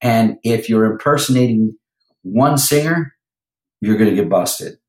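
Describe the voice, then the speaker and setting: Animated male vocal coach in a roomy room. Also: lowish voice, measured pace. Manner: animated, breaks into sung lines and impressions. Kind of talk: podcast interview talk.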